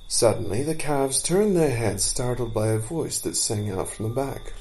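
A man narrating a storybook in a measured, expressive way. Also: medium pitch.

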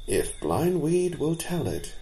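A man voicing a brave, courteous male deer captain in a storybook, gentle and polite. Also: on the high side, big pitch swings, takes it slowly, voice pushed up.

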